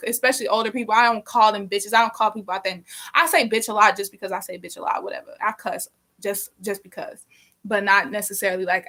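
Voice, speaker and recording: A young woman telling a story casually during a live stream, animated and profane, rambling with lots of fillers. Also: mid-range voice.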